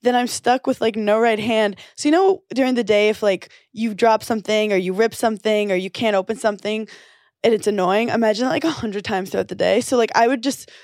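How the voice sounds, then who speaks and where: A woman's voice: mid-range voice, a little fast, a little mellow, no echo, clean studio sound. A woman hosting a podcast, chatting casually with wry jokes and frequent laughter. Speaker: podcast host. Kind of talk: casual chat, comedic banter.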